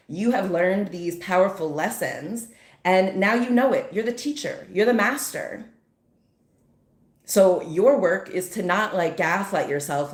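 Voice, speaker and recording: Chatty woman giving a spiritual pep talk. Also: fairly low pitch. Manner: chatty and emphatic, checks in with "okay?", slips into singing snippets. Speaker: spiritual motivational speaker. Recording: roomy echo.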